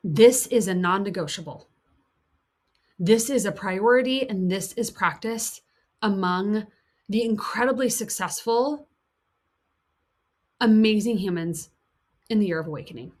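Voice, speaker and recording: A woman coach giving an earnest teaching talk. She repeats key points for emphasis, voices the harsh inner critic, and slips into a soft, soothing tone. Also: medium pitch, a little slow, long pauses. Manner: soft, soothing tone for self-kindness.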